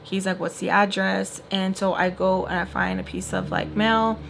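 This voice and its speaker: A woman's voice: mid-range voice, steady tone, moderate pace, vocal fry, fairly bright tone, slight background noise. A young woman vlogger telling a long personal story in casual chat while doing makeup, full of fillers and acted-out quotes. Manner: chatty, filler-heavy, acts out quoted voices.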